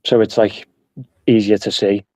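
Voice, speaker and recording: A relaxed man chatting as a stream guest. His voice sits low and sounds dark and mellow. It is recorded dry and close. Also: unhurried, dry recording. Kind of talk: casual chat.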